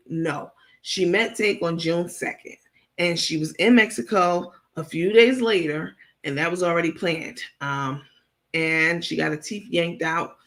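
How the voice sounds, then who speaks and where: Gravelly-voiced woman hosting a gossip stream. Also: fairly low pitch, a bit bright. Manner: blunt, gossipy, frequent fillers and laughs. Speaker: livestream host. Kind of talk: casual commentary reading live chat.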